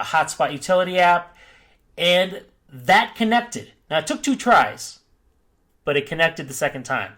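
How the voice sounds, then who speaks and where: A man's voice: fairly high pitch, a bit bright. A man talking casually to his viewers in a rambling, off-the-cuff way, often correcting himself. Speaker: crypto mining YouTuber. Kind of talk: casual vlog talk.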